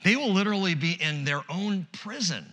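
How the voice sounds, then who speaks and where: Animated male preacher in a reverberant hall. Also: high voice, fairly quick. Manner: animated, conversational asides and humor. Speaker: pastor. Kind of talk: expository sermon.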